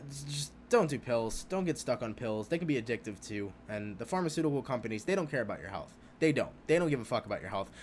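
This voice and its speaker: A young man hosting a podcast, talking alone in a rambling, profane, animated way about spirituality, laughing often. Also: medium pitch, slight background noise. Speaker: podcast host. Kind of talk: casual spiritual podcast monologue.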